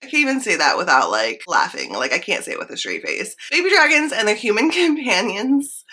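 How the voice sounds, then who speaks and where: A woman's voice: lowish voice, pushed and bright. A young woman chatting casually and enthusiastically about upcoming books, often saying "like" as she goes. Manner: chatty and enthusiastic, frequent "like" fillers. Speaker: book vlogger. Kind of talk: casual chat.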